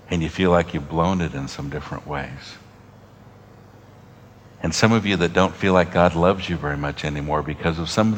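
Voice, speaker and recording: Deep-voiced man preaching with soft, dramatic drops. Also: slight background noise. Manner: dynamic preaching, drops to soft near-whispers, long dramatic pauses. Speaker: pastor. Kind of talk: sermon.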